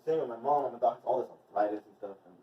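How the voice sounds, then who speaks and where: A man's voice: medium pitch, rapid-fire. A man teaching a movement class in a casual, rambling way, with many fillers. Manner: rambling, filler-heavy, chatty. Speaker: movement and wellness instructor. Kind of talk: casual instructional vlog. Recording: dull, distant mic.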